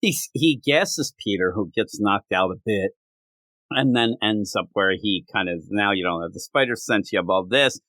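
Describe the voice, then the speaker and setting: A man hosting a casual comic book podcast, rambling and acting out bits of dialogue in quick voices. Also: fairly low pitch, animated, fairly bright tone, no room sound. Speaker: podcast host.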